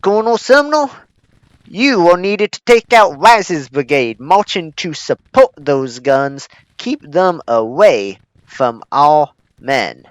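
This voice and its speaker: A man's voice: a little high, sing-song, takes it slowly, clear, resonant tone, no echo, voice pushed up. A man voicing a pompous Civil War commander who barks formal battle orders with a Southern accent. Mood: commanding. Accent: American Southern. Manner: formal, loud, declamatory. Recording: dull lo-fi mic.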